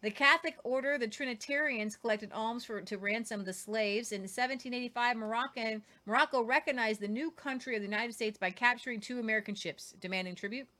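A woman's voice: fairly high pitch, fairly quick, few pauses, bright, forceful tone. A woman hosting a casual history talk, reading quotes aloud with jokey asides and stumbles over names. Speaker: host.

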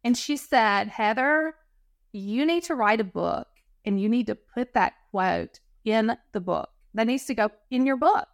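A woman telling stories as a podcast guest in casual talk, animated and acting out quoted dialogue. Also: fairly high pitch, unhurried, creaky, dry recording, studio quality. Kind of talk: casual storytelling interview.

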